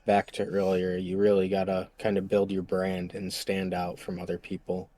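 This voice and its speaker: A man answering interview questions in a casual, relaxed way, with light swearing. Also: low-pitched, normal speed. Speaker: guest.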